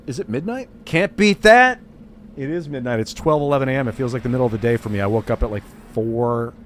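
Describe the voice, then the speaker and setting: Talking very fast in a steady, mid-range, slightly mellow voice, a young gaming streamer rambles casually through his play session. Fillers pile up, especially "like." Slight noise sits in the background.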